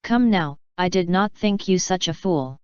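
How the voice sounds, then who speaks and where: Brief: woman reader doing a scornful male police inspector, low and crisp, dry and dull-sounding. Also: animated, measured pace, a little mellow, no room sound. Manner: harsh and scornful.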